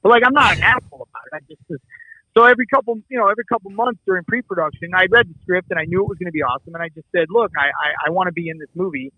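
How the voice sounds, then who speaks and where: A middle-aged man from the Midwest tells a story in a lively, casual way, acting out dialogue and swearing freely. His voice sits high and he talks fast. The call audio is dry and dull. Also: slightly rough, dry recording. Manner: animated, swearing, acts out dialogue. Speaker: actor and producer guest. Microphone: remote call.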